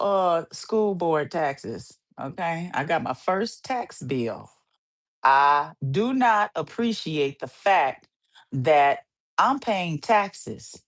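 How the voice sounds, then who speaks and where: Animated woman ranting on her podcast. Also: fairly low pitch. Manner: animated, playful ranting with repeated phrases. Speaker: podcast host. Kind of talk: casual solo monologue.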